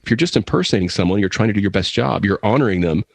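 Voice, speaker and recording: A man with a low but very animated voice co-hosts a comedy news podcast. He scolds his co-hosts with playful, mock-serious indignation. The sound is close and dry. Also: very fast, gravelly, no room sound. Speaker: podcast co-host.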